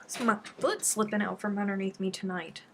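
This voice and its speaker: A woman's voice: medium pitch, steady tone, brisk, slight background noise. A middle-aged woman from Texas, casually chatting and answering viewer comments on a crochet live stream. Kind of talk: casual live-stream chat while crafting.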